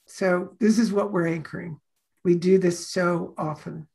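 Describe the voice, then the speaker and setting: Woman, course teacher, gravelly voice, storytelling delivery. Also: mid-range voice, fairly even intonation, normal speed, mellow. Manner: storytelling, acts out quoted voices. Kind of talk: teaching a class talk.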